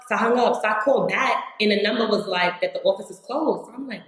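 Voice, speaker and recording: A woman's voice: mid-range voice, fast, few pauses, a bit bright. A young woman from New York vlogging a casual life update, chatty, saying "like" constantly and acting out her own past words. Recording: very echoey room.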